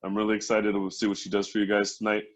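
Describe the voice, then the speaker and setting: A man's voice: on the low side, completely flat delivery, fast talker. A man hosting a comedy show, introducing the next comedian with upbeat, hyped energy. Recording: muffled lo-fi online stream.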